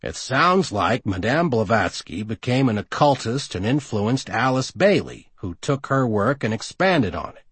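Husky, animated male audiobook narrator. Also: medium pitch, a little slow, few pauses, no echo. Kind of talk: scripted narration.

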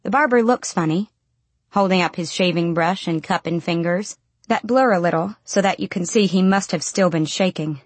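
A woman narrates an audiobook in the first person, quiet and subdued. Her voice is pitched low for a woman. The recording is dry and close. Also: normal speed, no echo.

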